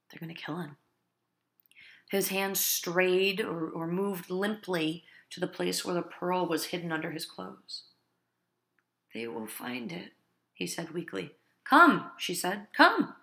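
A woman's voice: on the low side, fairly bright tone. A woman reading a novel aloud as a teacher, stopping to explain words and talk to her listeners.

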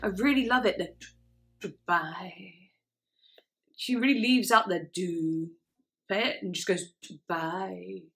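A woman's voice: medium pitch, animated, moderate pace. A woman hosting a music reaction video, chatting casually and enthusiastically, often saying "like" as she explains singing technique. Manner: enthusiastic, many "like" fillers, breaks down singing technique. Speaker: music reaction channel host. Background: faint music playing.

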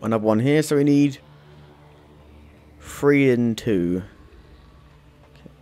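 A man's voice: mid-range voice, lively intonation, slow, warm tone. A young British man chatting through a video game, talking to the characters and yelping when things go wrong. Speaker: let's play gamer. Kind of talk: gameplay commentary.

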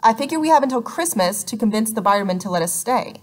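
A woman reading an audiobook and voicing a calm, organized older sister who takes charge of her siblings. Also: fairly high pitch, quick pace, natural voice. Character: thoughtful eldest sister, organized leader.

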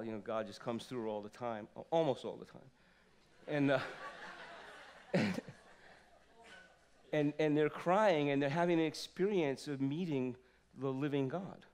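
A man in his fifties preaching a sermon in a church, swinging from loud exclamations to soft asides. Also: medium pitch. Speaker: pastor. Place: church sanctuary.

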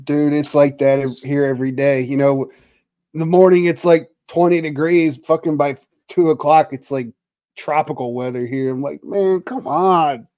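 Man, livestream guest, crude casual chat, fairly high mellow voice, dull muffled sound. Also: steady tone, moderate pace. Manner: crude, profane, laughing along.

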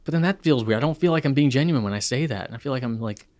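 A man's voice: medium pitch, animated, rapid-fire, darkish tone. A man in his thirties co-hosting a podcast, telling playful, rambling stories with plenty of fillers. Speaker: podcast co-host. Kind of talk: casual chat.

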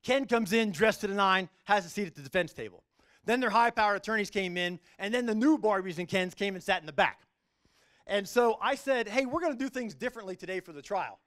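Brief: middle-aged man, judge giving a faith talk, high voice, earnest animated storyteller. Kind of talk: faith-based speech to a business group.

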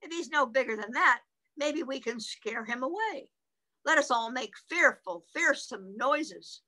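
A woman's voice: high voice, expressive, unhurried, pushed and bright, pitched above the performer's own voice, full character voice. Woman doing a crafty, cawing storybook crow. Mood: scheming. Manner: commanding, cawing. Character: clever crafty wise male crow.

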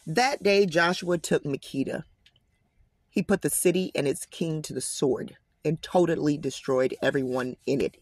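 Reading scripture aloud, this man comments on it in an emphatic, casual way, with slangy asides and frequent references to listeners as "guys." He speaks at normal speed in a voice on the high side, with no room sound.

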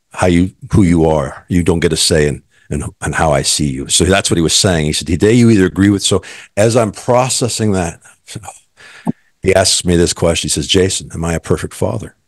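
Deep-voiced man telling an earnest testimony. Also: fairly quick, no room sound, clean studio sound. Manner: earnest, reflective, quotes others in the telling. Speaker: guest. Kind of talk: personal testimony storytelling.

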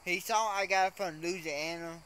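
A man's voice: high voice, moderate pace, bright, forceful tone, a little hiss or hum. A man from Mississippi with a Southern accent, chatting casually to camera in a rambling way and repeating "so anyway.". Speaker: vlogger. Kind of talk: casual vlog chat to camera.

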